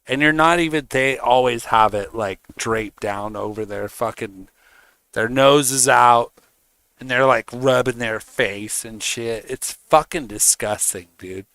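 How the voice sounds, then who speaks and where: Slow, forceful profane ranting man. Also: medium pitch, no room sound. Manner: profane, heated, mocking. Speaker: streamer. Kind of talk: casual rant.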